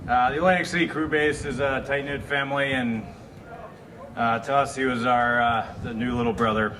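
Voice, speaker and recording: A pilot speaks off the cuff at a memorial in a middle-pitched voice, halting and pausing with uhs as he remembers a colleague. Background noise sits under the recording. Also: pushed and bright. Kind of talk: unprepared eulogy. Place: memorial gathering.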